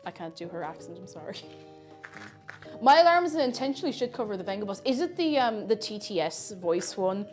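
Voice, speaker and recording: With a medium-pitched, sing-song voice and a slightly fast pace, a woman livestreamer and VTuber chats playfully while cooking, faint music behind her. Every so often she breaks into silly noises.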